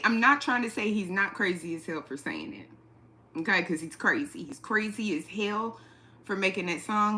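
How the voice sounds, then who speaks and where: A woman hosting a casual livestream from her apartment, talking straight into a phone or webcam, blunt and profane, laughing quickly and reading the chat aloud. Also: medium pitch, bright, forceful tone. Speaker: livestream host. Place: indoors at home, an apartment.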